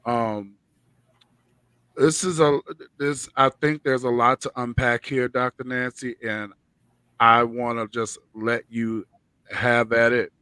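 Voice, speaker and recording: A man hosting a talk show, speaking slowly and personally in a soft, reflective way. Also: mid-range voice, flat delivery, smooth, dry recording. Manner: slow and personal, soft-spoken with gentle laughs. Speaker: show host.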